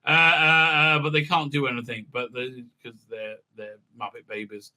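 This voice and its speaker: A man's voice: mid-range voice, flat delivery, normal speed, pushed and bright. A man hosting a casual episode recap and review, sarcastic and rambling with many fillers. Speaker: host.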